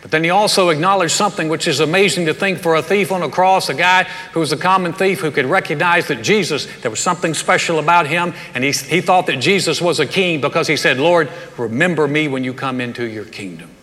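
A man preaching a sermon, telling the story in a conversational, animated way with touches of humor. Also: on the high side, fast talker, hardly any pauses, in a large hall. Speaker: pastor.

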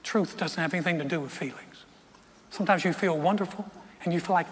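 A man preaching a sermon, his voice strained, speaking emphatically with repeated words and quiet, intense stretches. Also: a little high, quick pace, big-room sound, a little hiss or hum.

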